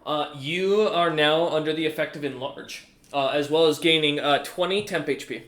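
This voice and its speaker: A man narrating a tabletop game as game master. His voice is bright and fairly high, and he rambles through descriptions with plenty of uhs. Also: normal speed. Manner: rambling, lots of fillers.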